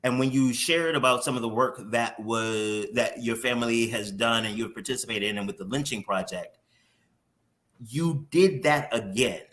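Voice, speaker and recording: A man's voice: medium pitch, moderate pace, a bit bright. A man hosting a morning show interview who talks candidly and openly emotionally, with some casual swearing.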